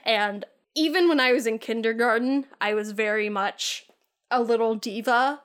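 Young woman, casual co-host; chatty and self-mocking, pitched a bit high. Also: normal speed, fairly bright tone, clear, resonant tone. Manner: chatty anecdote-telling with self-mocking humor. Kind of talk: casual chat.

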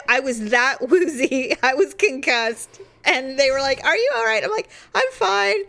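Animated storytelling woman, high voice. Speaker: co-host. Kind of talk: casual chat, storytelling.

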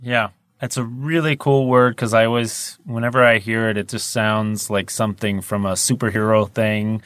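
A man's voice: on the low side, steady tone, normal speed, a bit bright, dry recording, studio quality. A man, a young adult voice actor, answering interview questions in easygoing, rambling casual chat and laughing often. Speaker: voice actor guest. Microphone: studio microphone.

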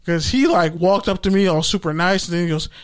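A young man tells a work story in a loose, profane, animated way, slipping into the voices of the people he quotes. His voice sits a little higher than most men's. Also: fairly quick. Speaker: podcast host. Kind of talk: casual storytelling.

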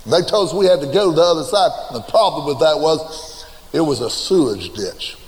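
Older preacher, folksy and emphatic, church echo. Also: male voice, on the high side, expressive, a little fast, slight background noise. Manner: folksy storytelling, emphatic refrains. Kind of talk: sermon with personal story. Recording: long reverb in a church hall.

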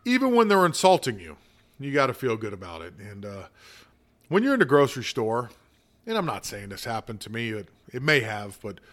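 A man's voice: mid-range voice, fairly bright tone. A man hosting a casual spoken monologue, rambling and self-deprecating, laughing easily as he talks. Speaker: show host.

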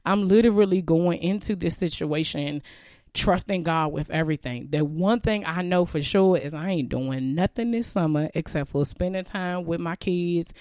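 A woman's voice: on the low side, normal speed, darkish tone, no room sound. Woman host, casual heartfelt faith talk, close dry sound, teary and candid. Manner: candid, emotional, chatty with many fillers. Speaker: podcast host.

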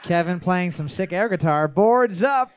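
A man's voice: high-pitched, lively intonation, a little slow, clear, resonant tone. A man hosting a music trivia night at a bar, joking, laughing often and swearing casually into a handheld mic.

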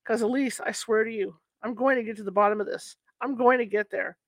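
A woman's voice: a little high, fairly quick, vocal fry, dry recording. A woman voicing a worried, protective young husband in a read-aloud story, soothing but urgent.

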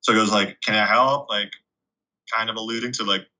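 A young man from Canada, a guest telling stories in a casual, chatty way, full of 'like' and animated retellings. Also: fairly low pitch, a little fast. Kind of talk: casual storytelling. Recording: dull lo-fi recording.

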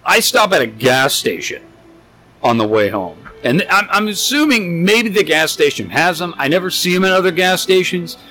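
Young male podcast co-host, tipsy, bright lively voice, rambling profane storyteller. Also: high-pitched, normal speed, a little hiss or hum. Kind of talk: casual storytelling chat.

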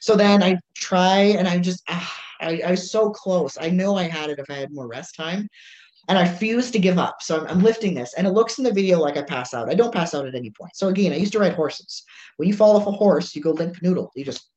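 A woman chats in a relaxed way, telling a lively story and voicing each person in it herself. Her voice rings around a roomy space. The audio is dull and lo-fi. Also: lowish voice, brisk. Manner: animated storyteller acting out dialogue. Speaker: strongwoman competitor. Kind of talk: casual chat.

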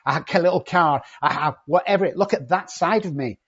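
A man's voice: fairly high pitch, a little fast, a bit bright, husky, lo-fi sound. A man in a podcast conversation who talks bluntly and swears constantly, cocky and confrontational. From not from England. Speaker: addiction treatment company owner.

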